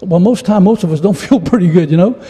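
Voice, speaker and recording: A man's voice: sits high, fast, mellow, breathy edge. A middle-aged man preaching a sermon as a traveling evangelist, folksy and humorous, with frequent stammered restarts, in a church. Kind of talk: sermon with storytelling. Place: church sanctuary. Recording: church hall reverb.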